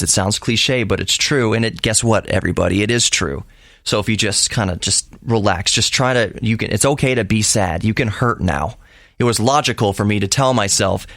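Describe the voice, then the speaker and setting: A man's voice: on the low side, brisk, fairly bright tone, dry recording. Emphatic lecturing man, dry sound. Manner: emphatic, lecturing, with frequent restarts. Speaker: podcast host. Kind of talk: solo opinion monologue.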